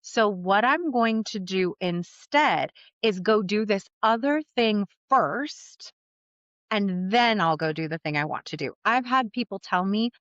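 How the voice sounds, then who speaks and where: A woman's voice: medium pitch, lively intonation, a little slow, fairly bright tone, no room sound, lo-fi sound. A woman coach hosting her own podcast, talking candidly and conversationally and swearing casually. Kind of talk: solo podcast monologue.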